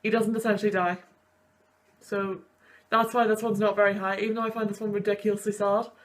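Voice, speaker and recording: Brisk and flat in delivery, with a medium-pitched voice, a woman in her twenties gives rambling reaction commentary on sad films. A university student and video host, she gushes and sniffles over the emotional scenes.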